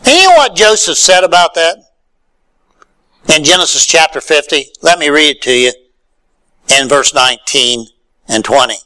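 Man preaching a sermon, bright tone, slightly high voice, reads scripture then retells it with emphasis. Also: expressive, normal speed, long pauses, rough recording. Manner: reads scripture aloud, then paraphrases it with rising emphasis and rhetorical questions.

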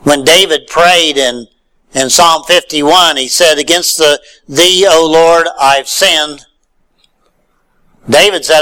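A man's voice: a little high, a little slow, pushed and bright, low-quality recording. A man preaching a sermon, reading scripture aloud and then retelling it in his own words with rising emphasis and rhetorical questions.

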